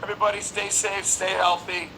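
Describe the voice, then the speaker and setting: A man guesting on a casual live stream over a phone. He is friendly and brisk and wraps up with quick goodbyes. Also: sits high, flat delivery, pushed and bright, slight background noise, rough recording. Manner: friendly, brisk sign-offs. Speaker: band member guest.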